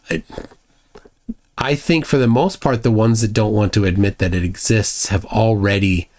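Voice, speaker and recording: Minnesotan man, low-ish voice, casual rambling streamer who reads chat aloud, plenty of restarts. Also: a little hiss or hum. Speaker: live streamer.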